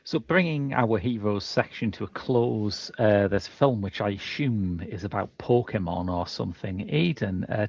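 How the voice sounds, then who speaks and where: Male podcast host, low gravelly voice, dry-humored, close dry recording. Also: lively intonation, normal speed, few pauses, no echo, lo-fi sound. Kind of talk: casual chat.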